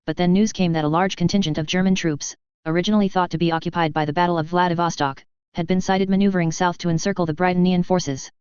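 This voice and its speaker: Smooth, resonant audiobook narrator. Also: mid-range voice, no echo, muffled recording. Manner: steady, formal storytelling. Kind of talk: scripted narration.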